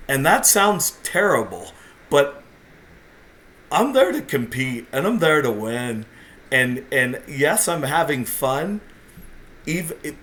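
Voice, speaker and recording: A man's voice: mid-range voice, fairly bright tone. A middle-aged man, a jiu-jitsu competitor and podcast guest, telling stories in a casual, intense and self-deprecating way. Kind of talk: casual storytelling.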